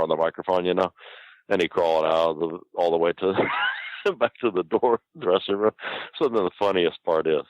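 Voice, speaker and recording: A man's voice: low voice, moderate pace, no echo, lo-fi sound. An older man, a guest, telling a rambling, profane anecdote in casual chat and laughing as he goes.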